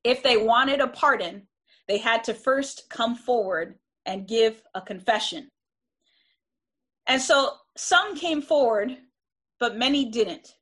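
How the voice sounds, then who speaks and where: A woman delivers a lecture in a slightly high voice, earnest and emphatic. She often restarts her phrases and checks in with her listeners as she explains. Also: expressive, slow pace, a bit bright. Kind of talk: classroom lecture.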